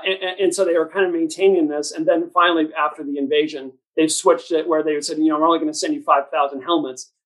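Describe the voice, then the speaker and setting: A man's voice: a little high, fairly bright tone, low-quality recording. A man talking as a policy panelist, emphatic, fluent and opinionated.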